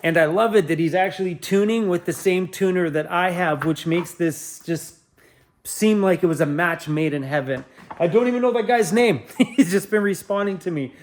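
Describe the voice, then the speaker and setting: A chatty, upbeat young man from Canada talks casually to his camera, laughing easily as he goes. His voice sits a little on the high side for a man. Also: moderate pace. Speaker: van life vlogger. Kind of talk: casual vlog talk to camera.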